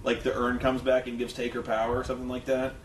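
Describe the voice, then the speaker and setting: A man's voice: medium pitch, monotone, quick pace. A man co-hosting a review show in casual chat, rambling and swearing a lot. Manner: rambling and profane, lots of fillers. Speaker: co-host of a wrestling review show. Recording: echoey room, distant mic, faint hum.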